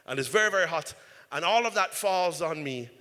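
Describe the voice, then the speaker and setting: Brief: male pastor, fairly high, bright voice, animated storytelling sermon, reverberant church hall. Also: fairly quick. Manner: animated, repeats "right?".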